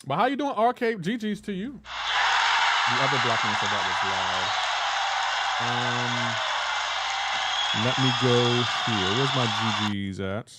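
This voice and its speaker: A man's voice: mid-range voice, very animated, measured pace, pauses often, very noisy. A man streaming a game live, chatting casually, reading and answering chat aloud in a joking, teasing way.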